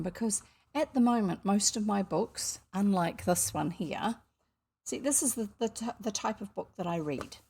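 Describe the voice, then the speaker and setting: Chatty New Zealand woman, gravelly husky voice. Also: mid-range voice, a little mellow. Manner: rambling, chatty, self-correcting. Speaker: audiobook reader. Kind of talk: casual chat before a reading. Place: home desk. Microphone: desk microphone.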